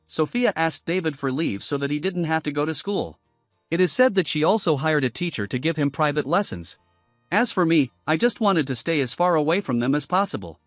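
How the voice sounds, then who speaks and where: A man narrates a melodramatic first-person story in a fairly high voice that rises and falls a lot. The sound is dry and close to the mic. Soft music plays faintly beneath him. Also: no echo. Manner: dramatic storytelling.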